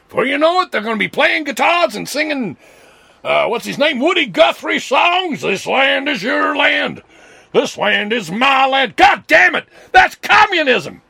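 A man playing a ranting conservative neighbor who shouts and sings in outrage. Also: very high voice, sing-song, unhurried, vocal fry, pauses often, no echo, pitched above the performer's own voice, full character voice. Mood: outraged. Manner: shouting, outraged, singing snatches of song. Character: ranting flag-waving conservative neighbor, male.

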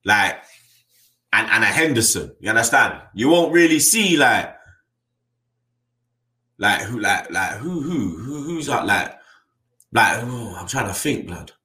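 A blunt, slang-heavy man, talking football in a casual chat. His voice is low-set and bright, and it carries a roomy echo. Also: big pitch swings, a little slow, pauses often. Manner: blunt, slangy, keeps adding "you get me". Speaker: football fan channel host.

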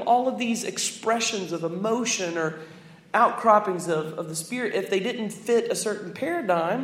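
A man preaching and telling a story in a lively, joking way, acting out voices. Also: sits high. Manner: animated, jokey, acts out voices. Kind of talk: sermon storytelling. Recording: echoey hall with faint room noise.

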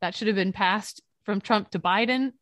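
A woman's voice: medium pitch, normal speed, a bit bright, no room sound. A young woman co-hosting a casual political talk show, speaking earnestly and passionately, at times rambling. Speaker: podcast co-host.

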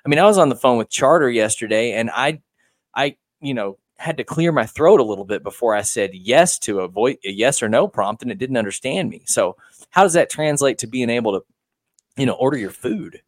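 A man's voice: medium pitch, lively intonation, fairly quick, dry recording. A man with a mid-range voice rambles in a wry, joking way as he co-hosts a podcast from home. His voice comes through dry and close. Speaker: podcast co-host. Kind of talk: casual chat.

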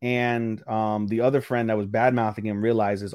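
A man co-hosting a casual podcast, recapping an anime episode with lively acted-out quotes and casual swearing. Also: fairly low pitch, normal speed, clear, resonant tone, no echo, clean studio sound. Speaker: podcast co-host. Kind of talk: casual anime review chat.

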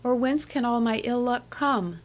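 A lively young woman coaxes and pleads in a lifted, lighter voice, played by a woman reading aloud. She sounds proud and winning, in a storybook. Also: a little high, a little slow, voice pushed up, natural voice. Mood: coaxing. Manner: coaxing, pleading.

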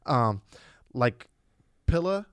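Man in his own voice, casual podcast co-host, mid pitch, dry close sound, swears and slips into his kids' voices while telling stories. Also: extremely slow, clean tone, dry recording. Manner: animated storyteller, swears a lot, acts out his kids' voices. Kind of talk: casual chat.

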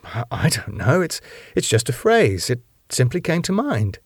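A man's voice: medium pitch, big pitch swings, moderate pace, breathy edge, no room sound, studio quality. A man voicing an earnest young woman police inspector who sounds urgent and defensive. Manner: urgent, pleading, flustered.

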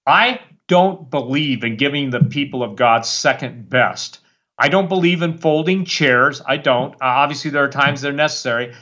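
A man's voice: mid-range voice, normal speed, bright, forceful tone, highs cut off. A man speaking as a guest preacher on a talk show, worked up and fiery, rambling with many restarts. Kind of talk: impassioned talk-show monologue.

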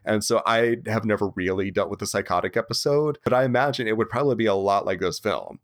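A man's voice: lowish voice, fast. A man co-hosting a film discussion podcast, talking thoughtfully in a loose way with plenty of fillers and restarts. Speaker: podcast co-host.

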